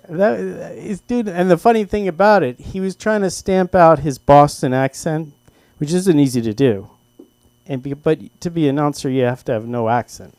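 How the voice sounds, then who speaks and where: An older man at an open mic, telling a rambling, self-deprecating personal story with halting restarts. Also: fairly high pitch, a little mellow, no echo. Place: comedy club stage.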